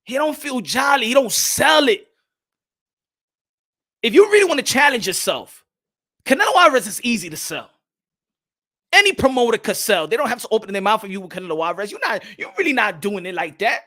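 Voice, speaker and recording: A man's voice: extremely high pitch, very animated, brisk, long pauses, sharp tone. A man hosting a live boxing stream, ranting heatedly and greeting viewers in the chat, with profanity and lots of repeated words. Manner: greets chat viewers by name mid-rant. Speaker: boxing commentary host.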